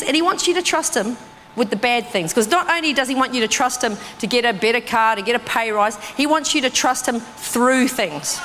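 A woman giving a sermon with a personal testimony, telling her story with animated, acted-out reactions that jump sharply in pitch. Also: a little hiss or hum. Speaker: preacher. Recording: long reverb in a hall.

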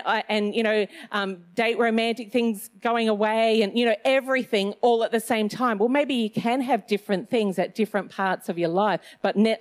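Chatty middle-aged woman giving a faith talk. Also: on the high side. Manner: warm and chatty, with self-mocking humour; loose phrasing with many fillers. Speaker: Christian speaker.

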